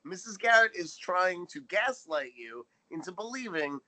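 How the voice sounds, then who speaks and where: Sarcastic bright-voiced man. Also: sits high, normal speed, low-quality recording. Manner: sarcastic, animated, swears casually. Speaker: podcast co-host. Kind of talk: casual chat recapping a sitcom episode.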